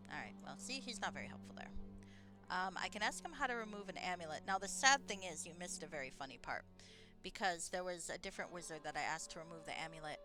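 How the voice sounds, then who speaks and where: A woman's voice: fairly low pitch, expressive, fast, music in the background. A woman streamer giving chatty, self-deprecating live commentary on a fantasy computer game, laughing often as she talks.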